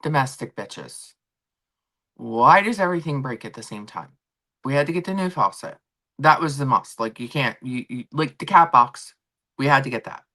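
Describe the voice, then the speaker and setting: A woman with a low voice chats on a home stream, her pitch swinging widely as she tells stories. She rambles through everyday news and acts out what people said. The sound comes through a laptop and phone setup. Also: normal speed. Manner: chatty, animated storytelling with acted-out quotes. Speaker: streamer host. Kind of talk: casual chat.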